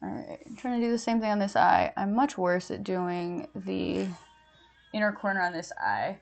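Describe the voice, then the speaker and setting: A woman's voice: mid-range voice, lively intonation, moderate pace, vocal fry, faint music behind. A young woman streaming as she does her makeup, chatting casually with frequent laughs and fillers. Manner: chatty, giggly, lots of fillers. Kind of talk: casual chat while doing makeup.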